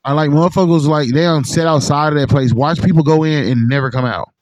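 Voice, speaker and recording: Podcast guy rambling, cussing a lot, kinda high voice, dead dry sound. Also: fairly even intonation, fast, a little mellow, dry recording, low-quality recording. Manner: rambling, profane, heavy use of "like". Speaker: podcast host. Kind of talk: casual chat.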